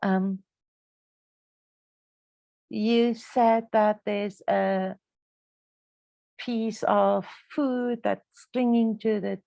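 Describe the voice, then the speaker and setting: A woman's voice: mid-range voice, fairly even intonation, very slow, gravelly, pauses often, mellow, no room sound, highs cut off. A woman hosting a podcast, talking in an earnest, reflective and motivational way. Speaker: podcast host. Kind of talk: casual conversational podcast talk.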